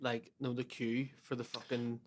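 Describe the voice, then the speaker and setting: Man, mid pitch, easygoing and sweary co-host. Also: level tone, normal speed. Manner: laid-back anecdotes with casual swearing. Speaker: podcast co-host. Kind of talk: casual comedic chat.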